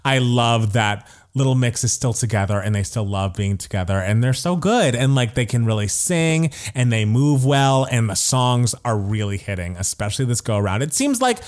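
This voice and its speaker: A man co-hosting a podcast talks in a relaxed, chatty way at a mid-range pitch. He gushes with excitement, laughs often and fills his sentences with "like". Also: normal speed, few pauses. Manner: enthusiastic, laughs often, says "like" a lot. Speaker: podcast co-host. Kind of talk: casual chat.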